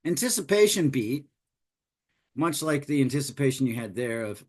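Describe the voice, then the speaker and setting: A man's voice: medium pitch, moderate pace. Man explaining story beats informally. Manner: animated, digressive, conversational explaining. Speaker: game master teaching storytelling. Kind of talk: informal lesson.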